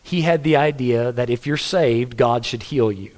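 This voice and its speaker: Earnest pastor preaching. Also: male voice, medium pitch, moderate pace, a little mellow. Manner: earnest, conversational preaching with story-telling. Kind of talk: sermon.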